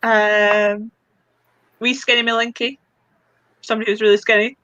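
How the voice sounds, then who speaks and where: A woman's voice: on the high side, flat delivery, moderate pace, fairly bright tone. Woman on a dull call line. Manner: hesitant, laughing. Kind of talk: casual group chat.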